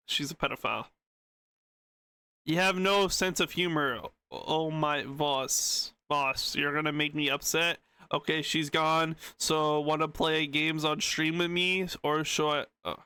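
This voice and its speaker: A man's voice: on the high side, sharp tone, smooth, no echo. A man streaming, joking around in slangy, casual banter with someone next to him while reacting.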